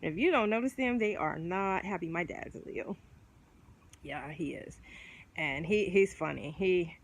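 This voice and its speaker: A woman's voice: on the low side, a little slow, rough recording. A woman vlogging in a casual chat to camera, rambling and filling her talk with fillers and restarts.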